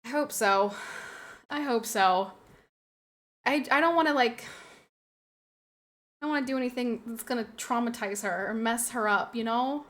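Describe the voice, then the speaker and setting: Bright, emotional young woman streamer. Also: on the high side, moderate pace, pauses often. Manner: emotional, repeats phrases, laughs often, reads chat aloud. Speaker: live streamer. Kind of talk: casual chat with a live audience.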